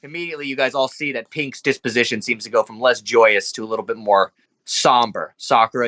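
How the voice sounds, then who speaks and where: A man's voice: medium pitch, steady tone, fast talker, sharp tone. A young man narrating as game master of a tabletop game, describing scenes casually with lots of fillers.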